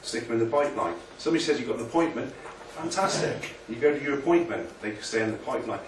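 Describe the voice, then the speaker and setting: A man's voice: mid-range voice, lively intonation, quick pace, a little hiss or hum. Chatty man presenting in an echoey room. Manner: chatty, self-deprecating, motivational. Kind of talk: informal business presentation. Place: meeting room with an audience. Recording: echoey room, picked up from a distance.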